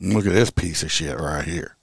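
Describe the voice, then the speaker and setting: A man's voice: deep voice, normal speed, creaky, husky, no room sound, studio quality. A man, a police officer hosting a true crime podcast, talking bluntly and profanely in a loose, rambling way. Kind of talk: casual true crime commentary.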